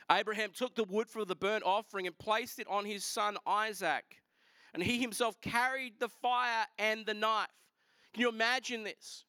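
Bright-voiced man preaching a sermon. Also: sits high, moderate pace, smooth, no echo. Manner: animated storytelling with casual asides. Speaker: pastor.

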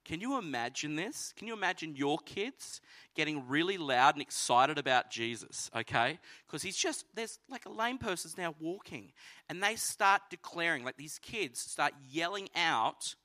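Aussie pastor guy preaching, high bright voice, really lively, does little voices for the story. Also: moderate pace. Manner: animated storytelling, acts out voices. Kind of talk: sermon.

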